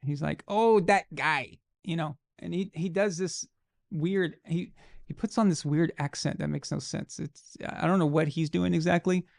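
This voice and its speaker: A man with a fairly high voice and a gravelly, fried edge hosts a live show. He rants bluntly and casually about sports, swearing freely. The sound is dry and close. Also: steady tone, moderate pace, darkish tone, no room sound.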